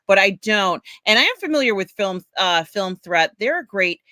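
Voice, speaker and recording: A woman's voice: mid-range voice, animated, normal speed, pushed and bright, dry recording, studio quality. A woman hosting a casual pop culture livestream, rambling with many ums and reading viewer comments aloud. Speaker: podcast host reading chat. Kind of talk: casual chat.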